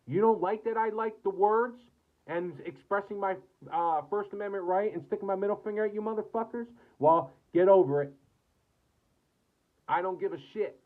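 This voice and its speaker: With a high-pitched voice and a slightly fast delivery, an American man from the United States vlogs a furious, profanity-laden rant to camera, repeating himself as he curses. Tinny, phone-like audio captures it.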